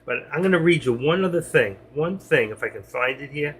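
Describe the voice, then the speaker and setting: A man's voice: fairly high pitch, expressive, brisk, a little hiss or hum. A middle-aged man on a live stream, talking to his chat in an emotional, rambling way and answering viewers by name.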